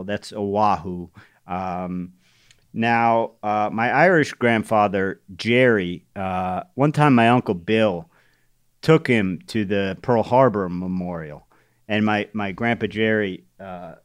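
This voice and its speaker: A man's voice: on the low side, smooth, no echo, clean studio sound. Man telling stories in casual chat. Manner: storytelling, laughs often, animated when telling anecdotes. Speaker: podcast co-host. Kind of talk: casual chat about crossword puzzles.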